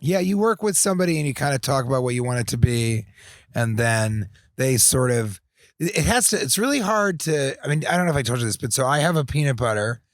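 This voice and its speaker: An American man in his forties chatting as a podcast guest, rambling through stories with animated impressions. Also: medium pitch, fairly quick, dry recording, clean studio sound. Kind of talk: casual chat.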